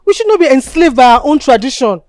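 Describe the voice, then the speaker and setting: A woman's voice: high voice, big pitch swings, quick pace, a little mellow, no echo, clean studio sound. A Nigerian woman acting in a village drama, speaking earnestly against tradition. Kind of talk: film acting, earnest pleading.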